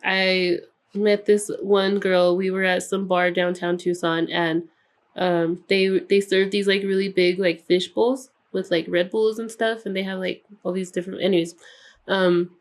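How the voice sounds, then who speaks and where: Young woman telling a lively story. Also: lowish voice, a little slow. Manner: animated, swears freely, acts out quoted voices. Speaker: podcast co-host. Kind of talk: casual storytelling chat.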